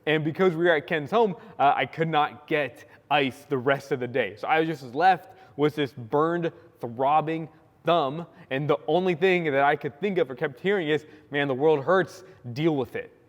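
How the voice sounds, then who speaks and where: Young man, sermon, animated storytelling, slightly high voice, long church reverb. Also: normal speed, highs cut off. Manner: animated storytelling, acting out quotes, many likes. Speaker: pastor. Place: church sanctuary.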